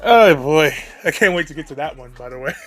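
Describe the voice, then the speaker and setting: High-voiced man on a profane rant. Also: lively intonation, a little fast, a bit bright. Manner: profane, exasperated, laughs between points. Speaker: video commentator. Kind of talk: ranting commentary.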